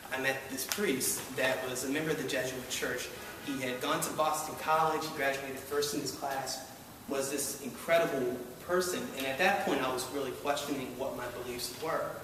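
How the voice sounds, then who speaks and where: A man telling a wry, self-deprecating personal story live to an audience that laughs along. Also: medium pitch. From Baltimore. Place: live event hall with audience. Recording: echoey hall, distant mic, noisy.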